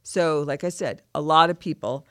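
This podcast co-host teaching scripture has a voice that sits low with a fairly bright tone, moving at a normal speed. She discusses a passage earnestly and with feeling, in a reflective way. The sound is dry and studio-clean.

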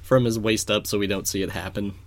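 A man co-hosts a relaxed podcast chat, trading jokes and laughing easily. His voice sits on the low side for a man. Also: a little fast. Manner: laid-back, joking, laughs often. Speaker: podcast co-host. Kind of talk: casual chat.

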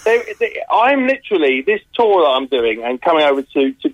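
A man, a touring comedian from the UK, chatting in a radio interview over the phone, animated and laughing often. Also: fairly high pitch, fairly quick, no room sound. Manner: animated, laughs often, slips into mimicked accents. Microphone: telephone. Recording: muffled phone line.

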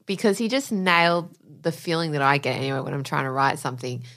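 A tired woman co-hosts a podcast in loose, casual chat. She is playful and quick to laugh, and her voice swings widely up and down as she riffs on silly tangents. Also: low voice, expressive, vocal fry, fairly bright tone. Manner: playful, laughs easily, drifts into silly bits. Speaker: podcast co-host.

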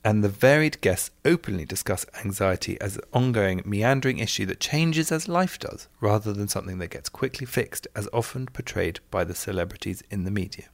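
Playful male co-host reading listener letters in a lower register, dry close mic. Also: animated, fairly quick, vocal fry, few pauses, dry recording. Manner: playful, reads letters aloud with asides. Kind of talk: casual podcast chat.

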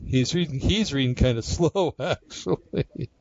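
A man's voice: fairly high pitch, measured pace, darkish tone, no room sound, lo-fi sound. A man hosting a casual solo talk show, rambling conversationally with many fillers and restarts. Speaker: podcast host.

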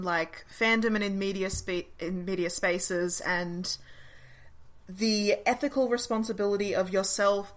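A woman co-hosting a podcast, chatty and quick in bursts, laughing and swearing freely. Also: medium pitch, fairly bright tone. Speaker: podcast co-host. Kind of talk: casual podcast chat.

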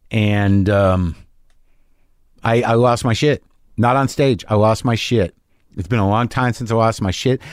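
A man's voice: on the low side, no echo, studio quality. A middle-aged man, a stand-up comic hosting his podcast, telling a story candidly and with lots of swearing, acting out both sides of an argument. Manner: confessional, profane, acts out both sides of an argument. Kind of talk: candid monologue.

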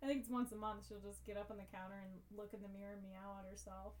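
A young woman co-hosting a podcast, telling stories in a casual, animated way and often laughing. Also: mid-range voice, fast talker, far from the mic. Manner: animated storytelling with frequent laughter. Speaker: podcast co-host. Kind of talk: casual chat.

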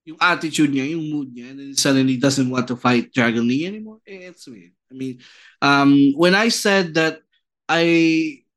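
A man's voice: mid-range voice, moderate pace, a bit bright. A man co-hosting a podcast, chatting casually and mixing English and Tagalog as he thinks aloud. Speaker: podcast co-host. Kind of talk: casual chat.

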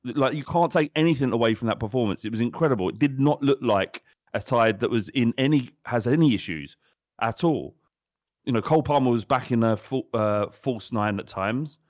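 A man co-hosting a casual football podcast, measured and wry as he builds his points. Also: mid-range voice, darkish tone, no echo, studio quality. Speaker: podcast co-host.

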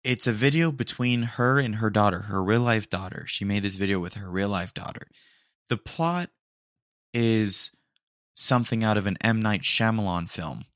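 Bright-voiced man in rambling podcast chat. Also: on the low side, normal speed, no echo, studio quality. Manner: rambling, trails off and restarts, slangy. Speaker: podcast host.

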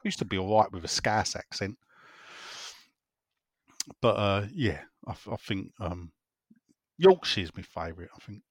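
A man's voice: lowish voice, big pitch swings, measured pace, pauses often, slightly rough, dry recording. A man hosting a casual football fan chat, rambling and repeating himself as he reads out listener messages. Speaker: football podcast host reading listener messages.

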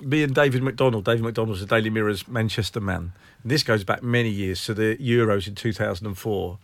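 Welsh man telling lively stories. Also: fairly low pitch, fairly quick, no room sound. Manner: lively storyteller, laughs mid-story. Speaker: football journalist. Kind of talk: casual anecdote on a podcast.

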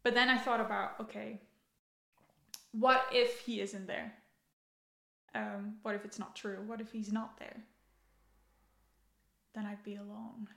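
A woman's voice: medium pitch, level tone, a little slow, vocal fry, long pauses, a bit bright. A young woman, a podcast guest, talking casually and thoughtfully, often repeating herself and laughing easily. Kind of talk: casual chat. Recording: echoey room.

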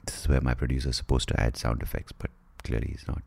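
A man's voice: extremely low pitch, level tone, fast, gravelly, hardly any pauses, darkish tone, no echo. A man hosting a solo podcast, rambling through wild theories in a jokey, profane way and slipping into mock-dramatic narration. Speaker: podcast host.

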